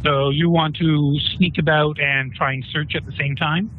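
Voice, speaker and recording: A man running a tabletop game, narrating scenes and asking players what they do, in a relaxed, chatty way. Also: a little high, normal speed, slight background noise. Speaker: game master. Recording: tinny phone-like online call.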